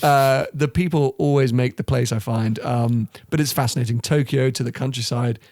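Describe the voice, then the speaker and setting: A young man, a podcast guest telling travel stories in an animated, laughing way. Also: medium pitch, moderate pace, no room sound, clean studio sound. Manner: animated storyteller, laughs often. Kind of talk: casual chat.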